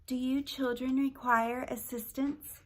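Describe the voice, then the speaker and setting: A woman reading aloud puts on a ghostly hologram librarian from an old children's storybook, soft and motherly yet robotic. She answers in slow, prim, mechanical politeness, her voice pitched a little high and gently bright. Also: expressive, creaky, slightly rough, heavily acted. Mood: prim, polite.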